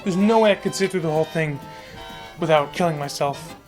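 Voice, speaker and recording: A man's voice: a little high, fairly quick, darkish tone, faint music behind. A man hosting a satirical comedy show, delivering a sarcastic, mock-dramatic rant. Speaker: host.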